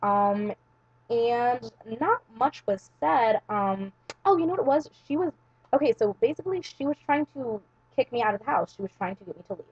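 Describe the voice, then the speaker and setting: A woman's voice: a little high, animated, normal speed, slightly rough, lo-fi sound. A young woman telling a long personal story to camera in a casual, rambling way, full of "like" and "um.". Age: young adult. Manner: rambling, heavy use of "like" and "um". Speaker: vlogger.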